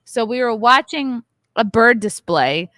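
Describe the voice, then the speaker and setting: A woman's voice: a little high, lively intonation, unhurried, pushed and bright, no echo. A woman in her thirties hosting a podcast from a hotel bar, telling a story in a loose, profane, ranting way. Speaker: podcast host. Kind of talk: casual chat.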